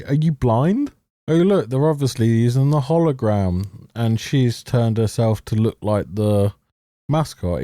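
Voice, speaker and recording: A man's voice: lowish voice, warm tone, no echo, clean studio sound. A young man gives a sarcastic, exasperated review of a TV episode over clips, swearing heavily as he picks apart each scene. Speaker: TV show reviewer. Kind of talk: ranting commentary over clips.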